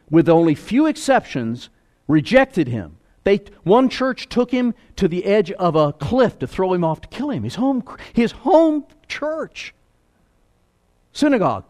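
A man preaching a sermon in a high, lively voice. He rises to loud emphasis and drops to hushed, low asides. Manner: animated preaching, swings between loud and hushed. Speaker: pastor.

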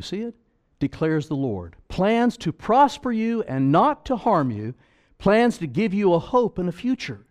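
A man's voice: fairly high pitch, a little mellow. A man preaching a sermon as pastor, emphatic and pleading, full of rhetorical questions.

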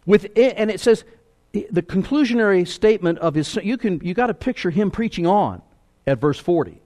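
A man preaching a sermon in a high, lively voice. He rises to loud emphasis and drops to hushed, low asides. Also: moderate pace. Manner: animated preaching, swings between loud and hushed. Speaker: pastor.

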